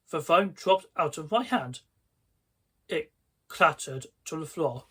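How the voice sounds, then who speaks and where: A man reads a children's horror story aloud, slow and deliberate, sometimes backing up over his words. His voice sits a little high and sounds bright, with a faint husky grain. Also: animated.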